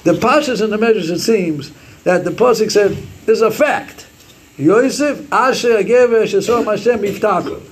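A man's voice: high voice, moderate pace, slight background noise. A man giving a Torah class, quoting Hebrew sources and acting out the sayings as he explains them. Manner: animated, quotes Hebrew sources and acts out sayings. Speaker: Torah teacher.

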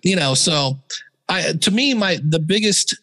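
A man, a podcaster being interviewed, chatting casually and telling animated stories with bits of mimicry. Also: high voice, a little slow, long reverb tail, poor audio. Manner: animated storyteller, jumps into mimicry. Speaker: podcaster guest.

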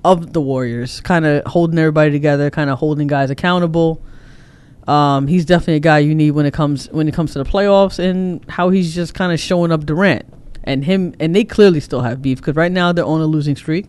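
A man's voice: a little high, fairly even intonation, fairly quick, a little mellow, clear, resonant tone. A man hosting a podcast in casual sports chat, easygoing and laughing often as he steers to the next topic. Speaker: podcast host.

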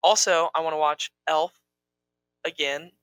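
A young man co-hosting a casual chat, talking in an animated, rambling, playful way. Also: a little high, a little slow, no echo, poor audio. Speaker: co-host.

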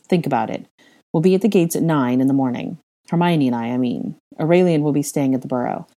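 A woman reading a young adult male wizard with a coaxing, gently insistent manner. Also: extremely low pitch, fairly quick. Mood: earnest.

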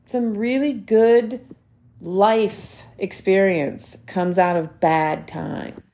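Speaking very slowly in a warm, mid-range voice with fairly even intonation, a woman in her thirties hosts her own motivational podcast. She talks earnestly and emphatically to her listeners, repeating key phrases and swearing casually.

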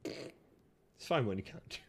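A man co-hosting a casual chat, teasing his friend and laughing often. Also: takes it slowly. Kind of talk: casual chat guessing game.

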